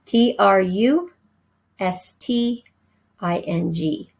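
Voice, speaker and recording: A woman teaches a recorded vocabulary lesson slowly and patiently, spelling out each word letter by letter before explaining it. Her medium-pitched voice is animated, darkish and gravelly-edged, and the recording is rough.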